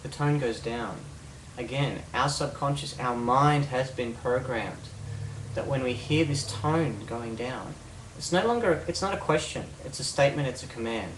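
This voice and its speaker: A man's voice: mid-range voice, moderate pace, echoey room, distant mic, slight background noise, poor audio. A man teaching hypnosis techniques in an instructional video, explaining step by step and checking in with rhetorical questions.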